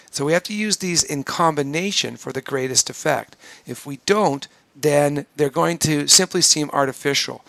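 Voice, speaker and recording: A man giving a recorded training lecture, explaining in a measured way and sometimes acting out tones of voice as examples. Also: mid-range voice, creaky, fairly bright tone, no echo.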